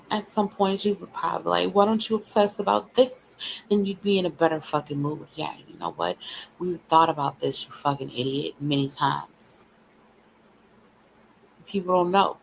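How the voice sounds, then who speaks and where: A woman's voice: sits low, creaky, slight background noise, low-quality recording. A woman hosting a livestream, ranting bluntly and profanely at her viewers in a taunting, repetitive cadence. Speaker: livestream host.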